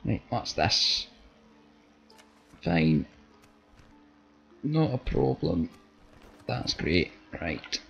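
A man's voice: low voice, sing-song, extremely slow, creaky, pauses often, a bit bright. A man with a Scottish accent doing let's play commentary, blunt, sweary and joking. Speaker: gaming channel host. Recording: slightly dull audio with faint game music.

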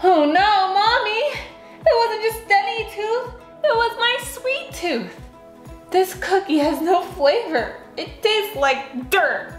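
A woman voicing an excitable little girl who squeals and whines when upset. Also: very high voice, slow, roomy sound, soft background music, voice pushed up, full character voice. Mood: excited whiny.

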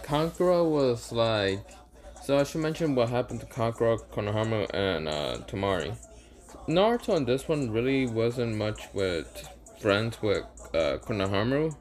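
A man's voice: mid-range voice, big pitch swings, moderate pace. A man casually retelling an improvised fan story, rambling with lots of fillers, stumbling over names and correcting himself. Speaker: YouTube storyteller.

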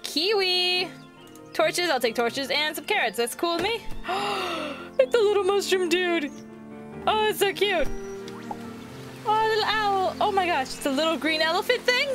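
A bubbly woman with a high voice chats her way through a video game, gasping and squealing whenever something cute turns up. Her commentary is casual and excitable. Game music plays clearly behind her. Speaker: gaming video host. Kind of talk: casual let's-play commentary.

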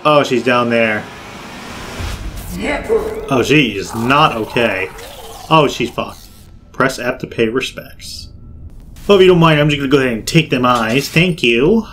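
A man giving loud, jokey game commentary, swearing and yelping in fright as he plays. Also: mid-range voice, measured pace, long pauses, soft background music. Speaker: gaming video creator.

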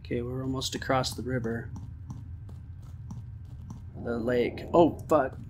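A man giving excitable let's-play commentary on a horror game, swearing and talking to the game. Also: medium pitch, takes it slowly, a little hiss or hum. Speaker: gamer.

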